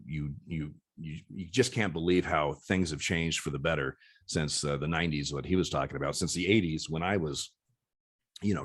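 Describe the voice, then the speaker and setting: A man's voice: extremely low pitch, breathy edge, no echo, clean studio sound. A man in his sixties, a former umpire, talking candidly as an interview guest, often repeating words and restarting his sentences.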